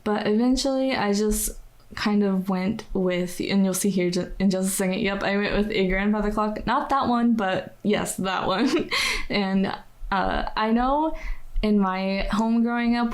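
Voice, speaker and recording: A young American woman giving casual voice-over commentary on a building video, chatty and rambling, full of "like" and self-deprecating laughs. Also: medium pitch. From United States. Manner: chatty, rambling, says "like" constantly, laughs at herself. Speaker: game builder narrating a speedbuild.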